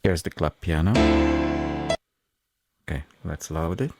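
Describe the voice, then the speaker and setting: A man hosting a music production tutorial, explaining each step in a measured, methodical way. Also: low-pitched. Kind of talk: tutorial walkthrough.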